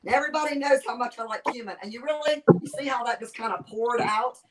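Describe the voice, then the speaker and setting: A woman's voice: a little high, fast, fairly bright tone, rough recording. A woman with a Southern US accent, a guest chef chatting her way through a cooking demonstration on a video call and narrating each step with enthusiasm. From Southern United States. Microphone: video call microphone.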